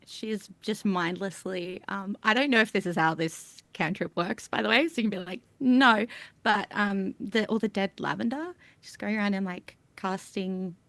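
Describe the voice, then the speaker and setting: A woman's voice: mid-range voice, normal speed, vocal fry, few pauses, a bit bright, no room sound. A woman playing in a tabletop role-play game, rambling and unsure as she describes her actions. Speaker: player.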